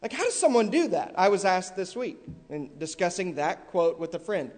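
A male preacher delivering a sermon with heavy, repeated emphasis that builds to loud stressed peaks, in a large church hall. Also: high voice, expressive, moderate pace. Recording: long echoey hall reverb.

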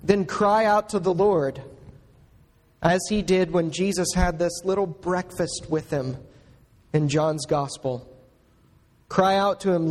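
Slow, high-voiced preaching man in a reverberant hall. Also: fairly even intonation, darkish tone. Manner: slow, earnest preaching with emphatic rises. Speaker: pastor. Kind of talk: sermon.

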